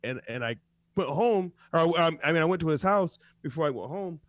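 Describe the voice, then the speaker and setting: A man's voice: on the high side, a little fast, no room sound. A man co-hosting a radio talk show, telling stories in profane casual chat and laughing often. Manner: animated storytelling, laughs often. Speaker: co-host.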